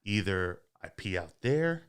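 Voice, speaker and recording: Podcast host, man, low and smooth voice, casual and foul-mouthed storyteller. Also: unhurried. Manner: profane, animated storyteller.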